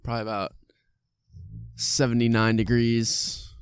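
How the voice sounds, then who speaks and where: A man speaking as a podcast guest, relaxed and reflective, often searching for words, recorded outdoors in a park. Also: medium pitch, unhurried, smooth, dry recording. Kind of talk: casual podcast chat. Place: outdoors in a park under a tree.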